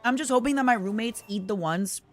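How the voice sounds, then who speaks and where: Soft music plays behind this young woman, whose voice sits on the high side and moves a little fast. She's streaming a game and keeping up a loose, chatty ramble, reading out chat messages and replying to viewers as she plays.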